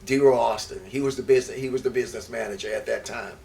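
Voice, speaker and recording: An older man, a former baseball player, telling stories from his life in an interview. He talks in a rambling way, repeating words and restarting, and grows lively as he recalls events. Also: mid-range voice, fast talker, gravelly. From Houston, Texas. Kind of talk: reminiscing storytelling in an interview. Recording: distant mic with faint background noise.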